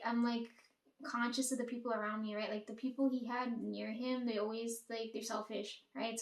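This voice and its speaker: A young woman rambles through a casual storytime, swearing freely and quoting what others said to her. Her voice sits a little high and carries a roomy echo. She is some distance from the mic.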